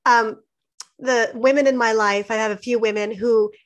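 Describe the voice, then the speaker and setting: A woman, co-hosting a podcast and telling her stories in a lively, emphatic casual chat. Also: a little high, normal speed. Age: 50s. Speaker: podcast co-host.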